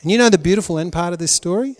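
A male pastor preaching a sermon, swinging between loud emphatic lines and hushed, prayerful ones. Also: high-pitched, very fast, big-room sound.

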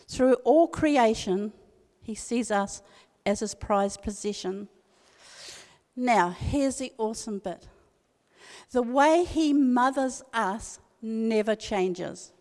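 A woman's voice: on the high side, a little mellow. Earnest older New woman preaching. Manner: earnest, emphatic, repeats key phrases. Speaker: speaker at a women's church meeting. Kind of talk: devotional talk with personal story. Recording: long reverb of a hall.

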